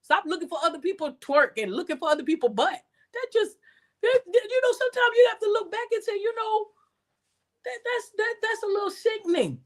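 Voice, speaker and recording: A woman giving an animated, preacher-like talk, repeating words and jumping high in pitch when exasperated. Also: fairly quick. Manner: preacher-like cadence, scripture references. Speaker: speaker and teacher. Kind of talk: reflective talk to an audience.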